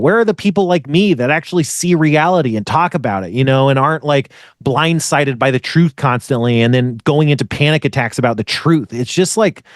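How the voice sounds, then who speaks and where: Impassioned ranting man, dry mic. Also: no room sound. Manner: impassioned, ranting, swears often, trails off into low mutters. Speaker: podcast co-host. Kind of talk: casual podcast monologue.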